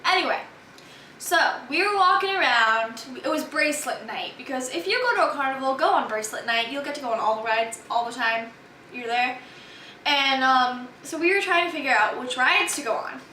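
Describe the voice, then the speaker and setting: A woman's voice: sits high, moderate pace, sharp tone, slight background noise. A teenage girl telling a chatty, exasperated storytime about her day out, filmed by a friend. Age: teens. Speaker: vlogger. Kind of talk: storytime vlog. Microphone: camera held by a friend. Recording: echoey room from far off.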